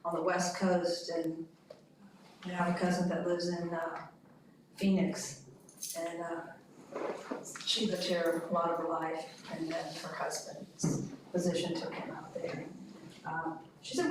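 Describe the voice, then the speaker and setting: A woman's voice: on the low side, steady tone, slow pace, long pauses, a little hiss or hum. A woman on a city committee talking casually and emphatically, rambling at times, in a public meeting. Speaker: committee member. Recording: echoey room from far off.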